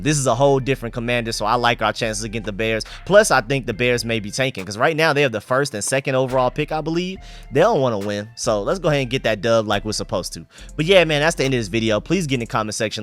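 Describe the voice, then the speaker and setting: A man rattles off his football opinions at a brisk clip, hammering the same catchphrases for emphasis. His throat is sore after a long session, and faint music plays underneath. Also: mid-range voice, fairly bright tone. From Atlanta, USA. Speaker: sports channel host. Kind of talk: fan game review commentary.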